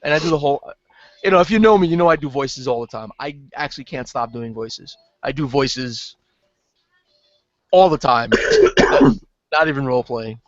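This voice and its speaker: A man talking casually about running tabletop games, speaking in quick animated bursts on a video call. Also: mid-range voice, dry recording. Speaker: game master panelist. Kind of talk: casual hangout chat. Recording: dull lo-fi video call audio.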